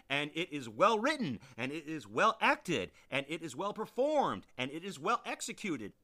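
A man hosting a podcast who rambles enthusiastically through a review, circling back over his points. His voice is bright and fairly high. His pitch swings in a lively way. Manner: enthusiastic, rambling, repeats himself. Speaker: podcast host. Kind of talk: casual review monologue.

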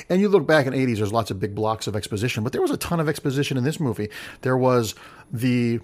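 Brief: male panelist, opinionated and animated, mid-pitched. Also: fast talker. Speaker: film discussion panelist. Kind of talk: casual opinionated chat.

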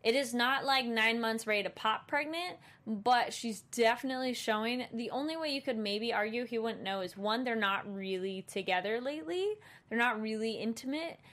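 A woman co-hosting a casual chat about a TV episode, talking it through and acting out quick reactions. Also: fairly high pitch, fairly bright tone. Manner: chatty, acts out reactions in quoted asides. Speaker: podcast co-host.

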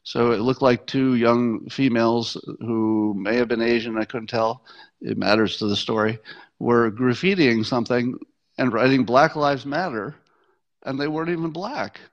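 A man's voice: medium pitch, fairly even intonation, moderate pace, dull audio. A man hosting a solo commentary show, talking in a conversational, wry way with frequent restarts and short laughs.

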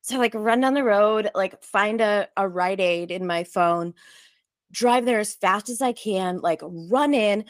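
A woman telling a story in casual chat, fast and lively, full of likes, acting out what others said. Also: medium pitch, dry recording, clean studio sound. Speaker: storyteller guest.

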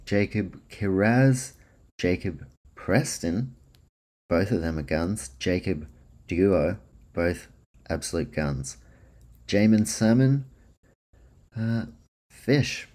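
Casting: deep-voiced male podcast host, casual and self-mocking. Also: darkish tone. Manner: chatty, self-deprecating, runs through name lists. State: dry mouth. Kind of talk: casual solo sports podcast.

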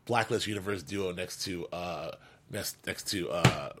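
A man's voice: sits low, unhurried, very noisy. A man co-hosting a fan after-show, chatting casually and animatedly, joking and laughing often, with many restarts. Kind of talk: casual chat.

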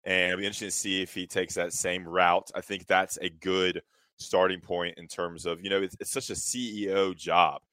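A man with a very low, clear voice works through a long, thoughtful analysis on a sports show. He rambles a little, and the sound is close and dry. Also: level tone, normal speed, sharp tone, dry recording. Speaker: co-host. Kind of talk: casual sports talk.

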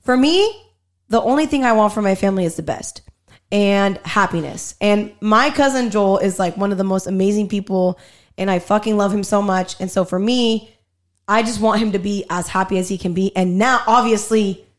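In casual conversation, a woman with a medium-pitched voice tells a story at an ordinary pace. Her telling is animated, with plenty of swearing and acted-out impressions of what people said.

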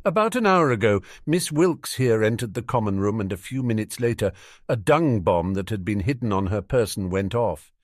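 A composed schoolboy from a storybook, voiced by a man, reporting events in a formal, matter-of-fact way. The pitch rises and falls readily, and the sound is close and dry. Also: expressive, normal speed, no echo.

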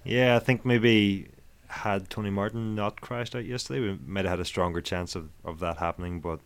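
A man's voice: low voice, normal speed, smooth. A man co-hosting a podcast over a call, talking through the race in an easygoing, tentative way. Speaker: podcast co-host. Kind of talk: casual cycling race analysis.

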